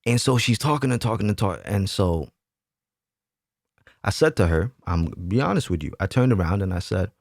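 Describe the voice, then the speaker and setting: A man's voice: on the low side, expressive, normal speed, creaky, no room sound, studio quality. A man hosting his own channel, telling a story in a casual, slangy way and acting out quoted arguments in changing voices. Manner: slangy, repeats himself for emphasis. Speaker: channel host. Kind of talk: casual storytime monologue to camera.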